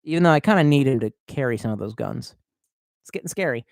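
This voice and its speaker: A man's voice: medium pitch, animated, quick pace, gravelly, a little mellow, no echo. A tipsy man streaming live, reading out chat and rambling in a profane, off-the-cuff way. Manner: profane, rambling, swerving between mumbles and outbursts.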